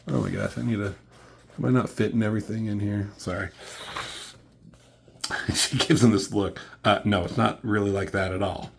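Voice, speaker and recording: Casual young male reviewer, low-pitched, rambling and playful, does quick voices for characters. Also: steady tone, creaky, a little hiss or hum. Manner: rambling, laughing, acting out comic dialogue in voices. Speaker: comic book reviewer. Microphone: camera mic.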